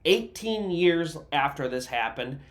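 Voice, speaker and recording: A man's voice: a little high, animated, unhurried. A man narrating a true story in a casual, conversational way, with asides to the listener and everyday fillers.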